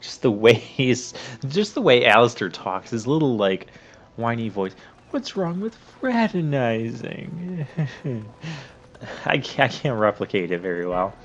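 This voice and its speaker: A man hosting a let's play, giving casual, rambling commentary with drawn-out asides. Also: on the low side, lively intonation, muffled recording, a little hiss or hum. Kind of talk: gameplay commentary.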